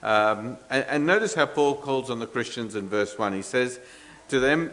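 A man's voice: mid-range voice, normal speed, fairly bright tone. A man preaching an expository sermon, earnest and emphatic, with frequent fillers and restarts, asking the congregation rhetorical questions.

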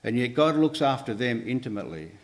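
A man delivers a sermon at a mid-range pitch. He speaks earnestly and measuredly, sometimes restarting a phrase, and lifts his voice to stress key words. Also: sing-song, a little fast. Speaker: preacher.

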